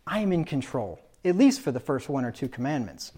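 A man's voice: mid-range voice, very animated, a little fast, warm tone, husky, voice pushed down. A man voicing a defiant young child who smugly reasons that he need not obey his parents until told several times, as part of a sermon. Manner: smug, scheming inner monologue. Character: defiant young child, smug about disobeying.

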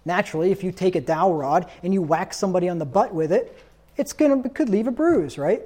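A man's voice: sits high, expressive, fast talker, mellow. A man preaching a sermon in a stern, insistent tone, reading scripture aloud and asking rhetorical questions.

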